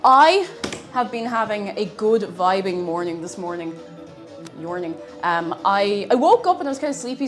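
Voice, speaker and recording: A playful woman chats with her live-stream viewers, laughing easily and humming between thoughts. Her pitch sits in an ordinary middle range, and soft music plays faintly behind her. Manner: chatty and playful, laughs often, hums to herself. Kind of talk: casual live-stream chat.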